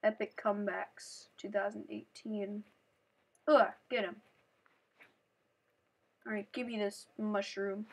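A woman playing a platform game on camera, chatting playfully and breaking into shrieks and yells as she plays. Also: medium pitch, little pitch movement, slow pace, gravelly, long pauses, slightly rough. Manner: playful, talks to the game and her cat. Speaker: gaming channel host. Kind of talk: let's play commentary.

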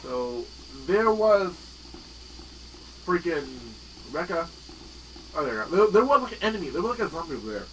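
A man's voice: high voice, sing-song, moderate pace, pauses often, a bit bright, far from the mic, slight background noise, rough recording. A young man giving casual gameplay commentary, swearing and yelping when startled. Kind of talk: casual let's-play commentary.

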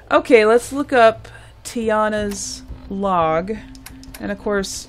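Slow, musing woman gaming host. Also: mid-range voice, soft background music. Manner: thinks aloud, muttering asides. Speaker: let's play host. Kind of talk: gameplay commentary.

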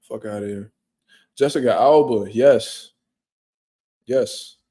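A young man hosts a casual livestream from home, answering viewer comments in loose, slang-heavy and profane talk. His voice sits in an ordinary middle register with a dark, mellow tone. He sounds relaxed and conversational throughout. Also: mid-range voice, slow pace, slightly rough. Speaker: livestream host. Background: quiet room at home.

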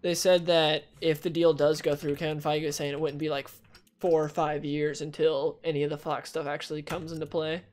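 A man's voice: on the high side, flat delivery, a little fast, a little mellow, a little hiss or hum. A young man hosting a casual gaming video, chatting and rambling while he plays and reacts to the game. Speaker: gaming channel host. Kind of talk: casual let's-play commentary.

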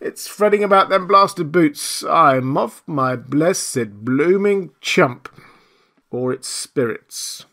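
A man voicing a coarse, excitable male tramp who yelps his rustic exclamations in a high, strained voice. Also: slow, heavily acted. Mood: frantic.

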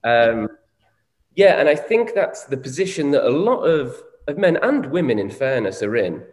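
A man's voice: mid-range voice, sing-song, moderate pace, darkish tone. Frank man in his forties. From Northern England. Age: 40s. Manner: frank, reflective, swears casually. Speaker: co-host. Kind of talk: candid conversational chat. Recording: echoey room with long reverb.

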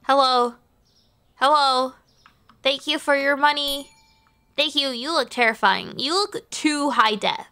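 A woman's voice: sits high, slow pace, long pauses, pushed and bright. A young woman streaming a game, chatting playfully and crudely as she greets and teases the customers. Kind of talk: live game-stream commentary.

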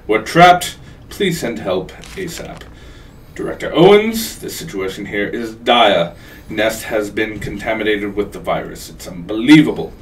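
A man reading a game note aloud as a dying, coughing facility worker, pleading and halting. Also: fairly low pitch, expressive, recorded from a distance, a little hiss or hum. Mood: desperate.

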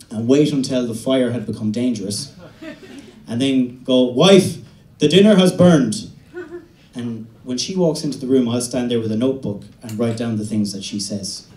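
A young man from the west of Ireland with an Irish accent, doing a stand-up set in a halting, deadpan way with many restarts. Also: medium pitch. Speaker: stand-up comedian. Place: comedy venue stage. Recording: roomy venue recording from a distance.

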